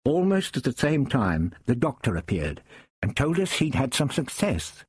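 A man reading a first-person story aloud in a measured, understated way. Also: medium pitch, big pitch swings, husky, no echo, clean studio sound. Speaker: audiobook narrator.

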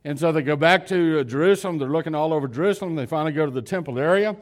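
A man delivers a sermon at a very fast clip, telling a story conversationally with fillers and false starts, swinging from loud, emphatic moments to quiet, low lines.

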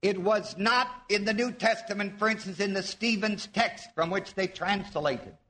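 A man's voice: high voice, normal speed, sharp tone. A man preaching a sermon, teaching his audience, asking them questions and drawing out the words he wants to stress. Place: church before a live audience.

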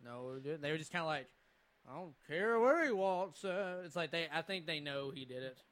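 A man's voice: a little high, animated, normal speed, fairly bright tone. A young man hosting a casual podcast, reacting to videos with profane jokes and frequent laughter. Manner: joking, profane, laughs often. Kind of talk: casual chat.

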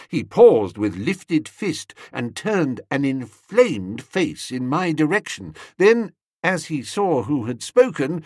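Animated man narrating a comic novel. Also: mid-range voice, husky, dry recording, studio quality. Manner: animated, wry storytelling with character voices. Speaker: audiobook narrator.

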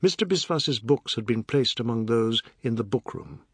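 A man narrating a novel as an audiobook in a measured, expressive reading. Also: mid-range voice, slightly rough, no room sound, studio quality.

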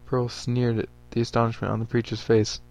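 A man narrating a story aloud for a podcast. His voice sits at an ordinary middle pitch, and his reading stays steady and even. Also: a little fast, gravelly, no echo, soft background music.

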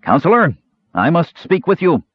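A man's voice: mid-range voice, big pitch swings, normal speed, breathy edge, no room sound, lo-fi sound, voice pushed up. A man doing a strained, commanding lord. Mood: tense.

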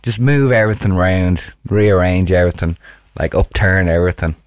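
A man co-hosting a podcast in casual chat, talking haltingly with many restarts and teasing his partner. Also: low voice, no room sound. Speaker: podcast co-host.

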